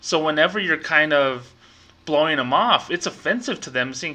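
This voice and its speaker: A man's voice: fairly high pitch, expressive, normal speed, bright, forceful tone. A young man hosting a podcast, frankly ranting and telling stories about his old bank job. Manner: frank, ranting, storytelling with acted quotes. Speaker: podcast host, former bank employee. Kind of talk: casual monologue podcast.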